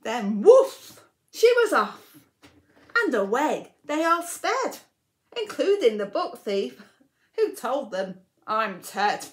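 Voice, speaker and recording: Reading a rhyming picture book to children at a library storytime, a woman goes very slowly in a high, sing-song voice that swoops widely. Every so often she drops into a whispered aside.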